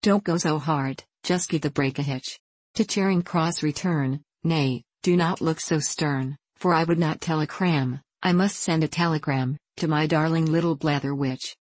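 A woman's voice: low voice, normal speed, a little mellow, no echo. A woman reading the lines of a polite, whimsical male fairy guide in a storybook, in a solemn, courtly manner. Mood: calling out.

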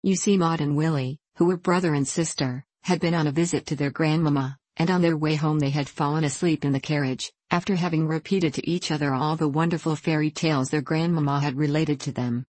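A woman narrating a children's story for an audiobook, in a measured storytelling manner. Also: low-pitched, steady tone, a little mellow, no room sound.

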